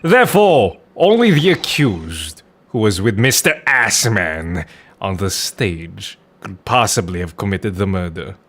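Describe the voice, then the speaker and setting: A man's voice: fairly low pitch, sing-song, a bit bright, heavily acted. Man doing a stern prosecutor with a mock German accent. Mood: formal. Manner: measured, formal courtroom delivery. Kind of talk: fan dub of a video game.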